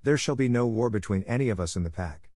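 A man's voice: on the low side, animated, quick pace, a little mellow, no room sound, clean studio sound. A man voicing a fierce, defiant boy raised by wolves in a storybook reading, commanding in manner.

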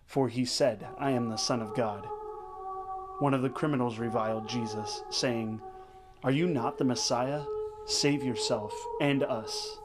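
A man's voice: mid-range voice, fairly even intonation. Solemn man reading scripture over music. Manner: measured, solemn reading in short phrases. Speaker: rosary prayer leader. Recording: voice over clear background music. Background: sacred choral music.

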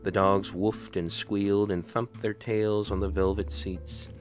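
A man reading a storybook aloud as a podcast narrator, in a measured, steady way. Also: on the low side. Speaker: podcast reader. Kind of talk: audiobook narration. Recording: dull lo-fi with faint music.

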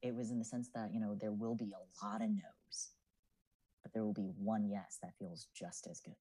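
A young man in his twenties chats as a guest on a casual podcast. His voice is mellow and husky, and he talks earnestly and thoughtfully, with lots of "um"s. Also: fairly low pitch, little pitch movement, normal speed, rough recording. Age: 20s. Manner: reflective, earnest, with many fillers. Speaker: podcast guest, student writer.

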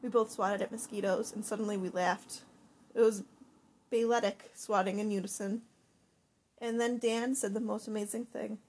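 A woman narrating a first-person audiobook with an expressive, animated reading. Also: medium pitch, normal speed, breathy edge.

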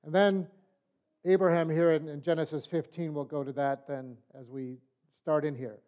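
An older man teaches a Bible study, telling parables in a relaxed, conversational manner. His voice sits fairly high for a man. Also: moderate pace. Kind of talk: sermon-style storytelling and teaching.

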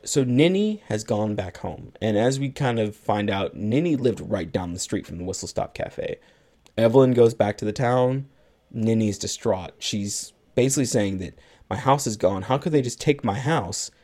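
Male podcast co-host with a lowish voice, retelling a movie in easy chat. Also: lively intonation, normal speed, a little mellow. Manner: retells a film plot at length, acting out lines of dialogue. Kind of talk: casual movie recap chat.

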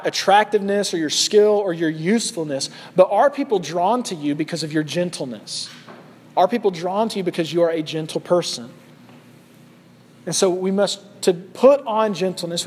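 A man in his thirties preaching an earnest sermon as a pastor, pressing questions on his listeners. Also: a little high. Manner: earnest, rising to loud acted shouts in quotes. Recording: long hall reverb.

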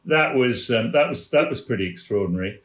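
A man from England, a former theatre manager, telling lively backstage anecdotes as a podcast guest and acting out the voices in his stories. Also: mid-range voice, fast talker. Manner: lively raconteur, acts out quoted voices. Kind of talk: anecdotal storytelling. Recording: roomy echo.

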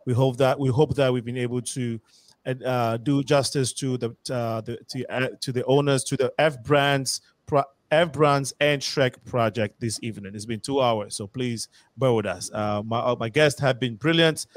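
A man from Ghana hosts a community talk show. He talks in a halting way, restarting phrases and laughing at himself. His voice sits at an ordinary middle pitch. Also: fairly even intonation, no room sound, rough recording.

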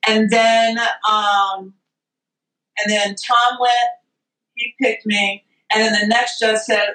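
A woman chef telling a story as a guest, expressive and loud, acting out what people said. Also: mid-range voice, measured pace. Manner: expressive, acts out quotes, exclaims loudly. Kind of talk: animated storytelling chat. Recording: echoey room, distant from mic.

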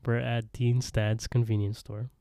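A man's voice: mid-range voice, level tone, unhurried, mellow, no echo, studio quality. A man co-hosting a podcast, recapping an episode in a rambling, casual way and acting out the characters' lines with laughs. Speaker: podcast co-host.

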